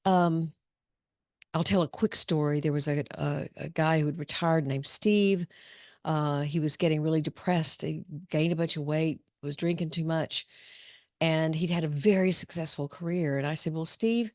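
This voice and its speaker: A woman's voice: sits low, fairly even intonation, moderate pace, no echo, clean studio sound. A middle-aged woman, a psychologist giving an informal talk to students, telling stories with many restarts. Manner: conversational, storytelling with restarts. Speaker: psychologist leading a discussion.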